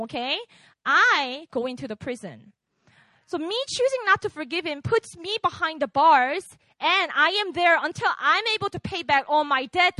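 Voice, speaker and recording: A woman's voice: sits high, sharp tone, dry recording. A woman giving a casual sermon, chatting with her listeners and quizzing them with "right?" as she goes. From outside America. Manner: conversational, keeps quizzing the audience with "right?". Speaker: preacher. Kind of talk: casual sermon to a young congregation.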